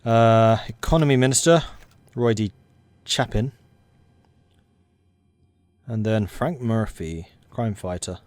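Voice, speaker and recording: An excitable young Englishman rambling through commentary on a strategy game he is playing. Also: fairly low pitch, slow pace, pauses often, no room sound. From England. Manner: excitable and rambling, self-described hyper. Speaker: let's play host. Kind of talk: gaming commentary.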